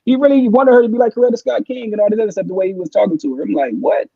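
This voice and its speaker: Man, podcast co-host, high voice, husky, rambling casual chat, dull lo-fi sound. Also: racing, no room sound. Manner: rambling, animated storytelling with lots of "like" and "man".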